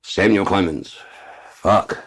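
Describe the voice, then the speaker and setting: Deep-voiced man in a swearing rant. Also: takes it slowly, a little hiss or hum. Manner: heavy swearing, muttering asides. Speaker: vlogger. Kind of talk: profane ranting monologue.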